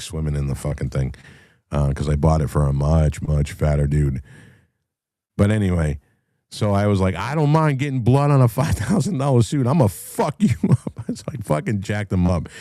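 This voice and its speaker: A man with an extremely deep, dark voice tells a story to his audience in a blunt and profane way. His delivery is casual and animated, recorded dry and close with little room sound. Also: dry recording. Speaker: podcast host.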